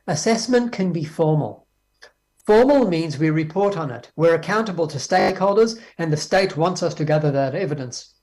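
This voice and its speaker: Lively Australian man giving a keynote. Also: fairly high pitch, moderate pace. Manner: lively, acts out dialogues with teachers. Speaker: keynote speaker on education. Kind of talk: conference keynote. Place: speaking remotely from Australia.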